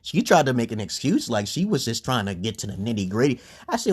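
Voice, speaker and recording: Husky, profane man ranting live. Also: big pitch swings, fairly quick, few pauses. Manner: rambling, crude, jumps to high pitch when heated. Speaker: livestream host. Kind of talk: profane livestream rant.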